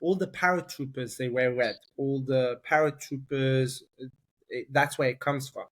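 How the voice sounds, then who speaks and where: A man from London, an army reservist guest, telling personal stories in a fast, halting way, repeating words and rising sharply when emphatic. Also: mid-range voice. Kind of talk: emotional personal storytelling.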